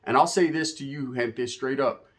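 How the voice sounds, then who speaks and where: A man from the US West Coast, hosting his channel and telling a story in a casual rant full of street slang and profanity, swinging between loud emphatic bursts and low asides. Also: normal speed. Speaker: channel host.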